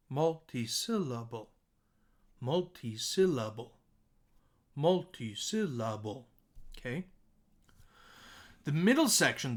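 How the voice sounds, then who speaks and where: A man teaching a music composition lesson, repeating words aloud to show their pitch and often checking in with "okay?". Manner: animated, sing-song emphasis. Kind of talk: recorded classroom lesson.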